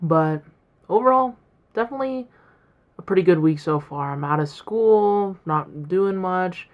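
A young woman speaks low in her range while she hosts a solo podcast. She muses aloud in a rambling way and often restarts her sentences. The recording sounds a little dull and muffled. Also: animated, a little slow. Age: young adult. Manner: rambling and reflective, with many fillers and restarts. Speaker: podcast host. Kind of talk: casual solo podcast talk.

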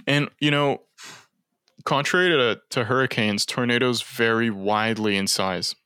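Bright-voiced man co-hosting a chat. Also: medium pitch, normal speed, smooth, no echo, clean studio sound. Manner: hesitant, reads notes aloud. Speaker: podcast co-host. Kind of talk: casual chat.

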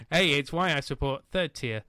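A man co-hosting a casual football podcast, talking animatedly with loud bursts, swearing and laughing at his own jokes. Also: on the high side, expressive, measured pace, dry recording, studio quality. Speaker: podcast co-host.

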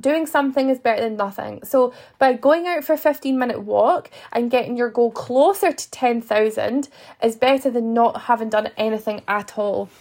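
A young woman coaching her listeners through a motivational podcast monologue, earnest and encouraging. Her voice sits a little high, with a gravelly fry running under her words. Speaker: podcast host and fitness coach.

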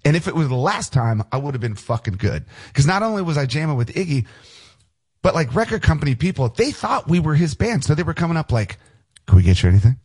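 A middle-aged man telling animated, profanity-laced stories in a casual interview. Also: on the high side, fast talker, slightly rough. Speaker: guest musician. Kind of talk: casual storytelling.

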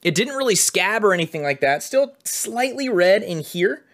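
Young dude cohosting a podcast, chatty and rambly, bright voice, kinda high. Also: male voice, very animated, moderate pace. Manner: rambling, filler-heavy storytelling. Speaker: podcast co-host. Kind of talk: casual chat, livestreamed podcast.

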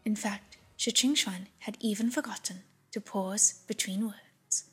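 A woman reads the novel aloud in a breathy, husky near-whisper at a middle pitch. Faint music plays underneath. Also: steady tone, a little slow. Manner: breathy, hushed reading. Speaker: audiobook narrator. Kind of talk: audiobook narration.

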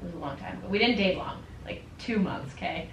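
Young woman, casual chat, animated storyteller, lots of "like", distant mic, roomy room. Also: lowish voice, brisk, gravelly, slight background noise. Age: young adult.

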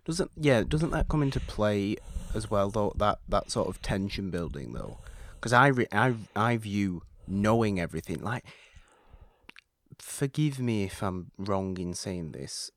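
A man's voice: fairly low pitch, expressive, unhurried. A man co-hosting a casual film podcast, thinking aloud and often restarting his sentences. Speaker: podcast co-host.

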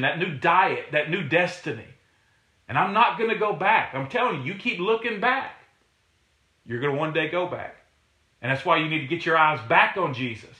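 A man's voice: on the high side, pushed and bright. Emphatic preacher man in an echoey room. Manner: emphatic, repetitive, rising to exhortation. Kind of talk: sermon.

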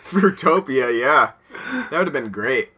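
A man co-hosting a podcast in relaxed casual chat, laughing often and trailing off with fillers. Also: mid-range voice, a little slow, husky. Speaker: podcast co-host.

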